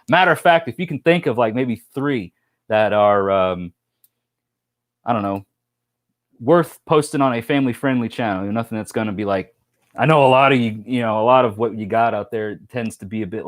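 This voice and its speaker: A man hosting a casual live stream, telling rambling stories and reading chat comments, with lots of fillers and restarts. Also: on the low side. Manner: rambling, chatty storytelling with many fillers and restarts.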